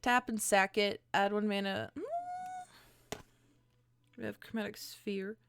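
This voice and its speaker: A woman's voice: medium pitch, fairly even intonation, unhurried, creaky, noisy background. A woman co-hosting a livestream, chatting in a playful, teasing way and laughing often. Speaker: streamer and deck-building co-host. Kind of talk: casual chat.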